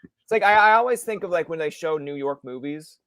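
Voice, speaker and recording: A man's voice: animated, a little fast, clear, resonant tone, no room sound, studio quality. Give me a joking man from Newfoundland hosting a podcast. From Newfoundland, Canada. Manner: jokey, acts out loud high-pitched bits. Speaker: podcast host. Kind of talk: casual chat.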